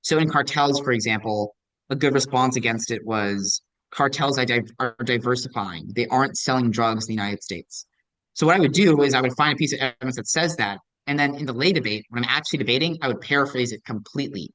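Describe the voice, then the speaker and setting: A man's voice: mid-range voice, fairly quick, a bit bright, dry recording, poor audio. A young man giving a casual lecture as a debate coach, answering student questions with lots of ums and likes, patient and encouraging. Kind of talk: recorded lecture with audience questions.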